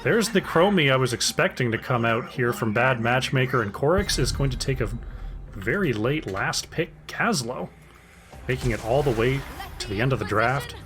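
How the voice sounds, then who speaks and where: A man's voice: mid-range voice, expressive, normal speed, fairly bright tone, soft background music. A man casting an esports draft solo, chatty and casual, talking to his chat between picks. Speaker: esports caster.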